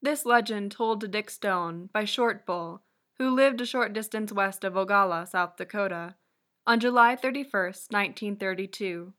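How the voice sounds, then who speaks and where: Female narrator, bright tone, measured scripted reading of a legend. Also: medium pitch.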